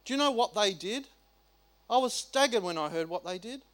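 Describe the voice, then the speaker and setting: A middle-aged Australian man preaching a sermon, animated and colloquial, firing off rhetorical questions. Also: high-pitched, moderate pace. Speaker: pastor.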